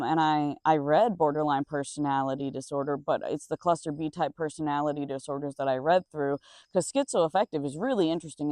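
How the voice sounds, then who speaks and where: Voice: mid-range voice, darkish tone, dry recording, clean studio sound. A young adult nursing assistant telling a casual storytime outdoors, rambling and blunt and swearing freely. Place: outdoors with crickets around.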